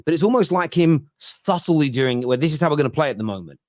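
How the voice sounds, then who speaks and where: A man co-hosting a football podcast, making measured points in a casual debate. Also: on the high side, animated, dry recording, clean studio sound. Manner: measured, reasoned, gently teasing.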